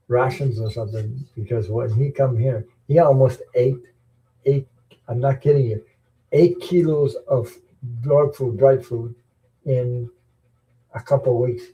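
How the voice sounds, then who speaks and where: A man's voice: mid-range voice, mellow, rough recording. A middle-aged man chatting casually as host of a live stream, rambling and chuckling, often repeating words. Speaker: tarot channel host. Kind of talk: casual chat.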